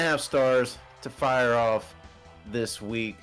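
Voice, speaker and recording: A man's voice: medium pitch, slow, soft background music. A man giving a casual, upbeat recap of his turn in a wrestling game league. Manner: upbeat, excited. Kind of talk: casual gameplay recap commentary.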